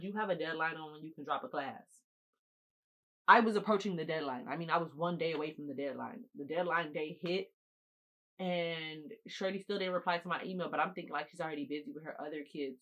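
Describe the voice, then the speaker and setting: A woman's voice: sits low, fairly bright tone, rough recording. A young woman telling a casual storytime to her viewers, eating as she talks, repeating phrases for emphasis and speaking straight to the audience. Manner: eating while talking. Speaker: storytime vlogger.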